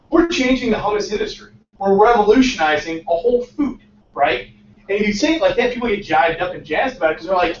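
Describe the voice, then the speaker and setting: A man in his twenties, a startup founder giving a casual motivational talk to a room, energetic and often tagging his points with "right?". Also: sits high, quick pace, a little hiss or hum. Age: 20s. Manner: energetic, peppers lines with "right?". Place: lecture room. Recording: echoey muffled room sound from far off.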